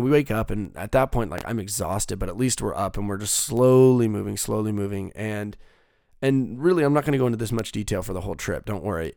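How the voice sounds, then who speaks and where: A young man with a low, gravelly voice tells a long story in casual, rambling fashion. He swears freely and keeps restarting his sentences with fillers. The recording is dry and close, with no room sound. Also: darkish tone, dry recording.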